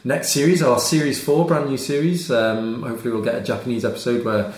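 A man co-hosting a podcast in casual chat, chatty and quick to laugh. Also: medium pitch, steady tone. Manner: chatty, laughs often, reads out listener mail. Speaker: podcast co-host. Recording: roomy echo.

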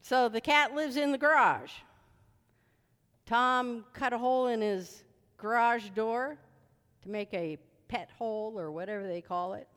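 A woman preaching a sermon, shouting commands at times and telling chatty stories with asides. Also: fairly high pitch, measured pace. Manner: animated, shouting commands at spirits, then chatty storytelling with asides. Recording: reverberant hall.

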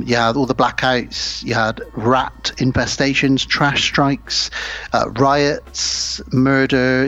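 A man's voice: mid-range voice, fairly bright tone, dull audio. A man co-hosting a horror podcast, chatting casually and rambling with lots of fillers and restarts. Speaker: podcast co-host.

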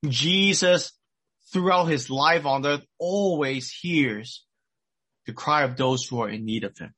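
A man's voice: a little high, slow, a bit bright, slightly rough. A middle-aged man preaching a sermon, retelling a story earnestly and repeating his key points. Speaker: pastor.

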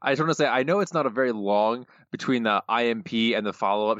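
A man's voice: mid-range voice, fairly quick, hardly any pauses, a bit bright, dry recording. A man co-hosts a podcast, rambling and joking in casual talk. The recording is dull and lo-fi, and the sound is dry. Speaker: podcast co-host. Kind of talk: casual chat.

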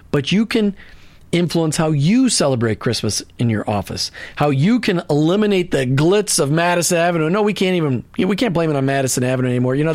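High-voiced man hosting Christian radio. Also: dry recording. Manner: earnest, preachy, with many restarts and asides. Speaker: radio show host. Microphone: studio microphone.

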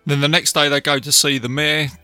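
A man casually recapping a film, chatty and enthusiastic, tossing in quick impressions of lines. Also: fairly high pitch, level tone, pushed and bright, smooth, no room sound, soft background music. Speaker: film reviewer.

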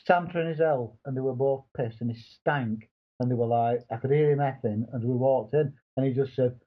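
A man's voice: mid-range voice, fairly quick, few pauses, phone-quality sound. A middle-aged man, co-hosting a podcast and telling stories bluntly with British slang. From England. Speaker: podcast co-host. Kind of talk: casual chat.

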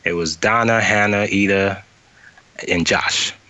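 A man from New Orleans, a guest in an interview, telling a story in lively detail over a remote call that cuts out. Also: lowish voice, unhurried, no room sound, lo-fi sound. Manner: animated retelling with quoted voices and laughter. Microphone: remote call, cutting out.

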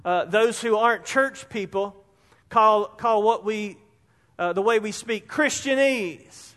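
A man's voice: high voice, slow, a bit bright. A man preaching a conversational sermon as pastor, acting out everyday examples to make his points. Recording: long hall reverb.

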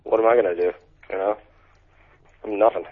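Deadpan fast-talking man on a phone line. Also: lowish voice. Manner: deadpan, sardonic. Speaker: podcast co-host. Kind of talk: casual podcast banter. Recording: tinny phone-line sound.

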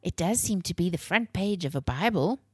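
A woman voicing a curious girl who speaks in a gently wondering way. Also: on the low side, expressive, moderate pace, slightly rough, no room sound, clean studio sound.

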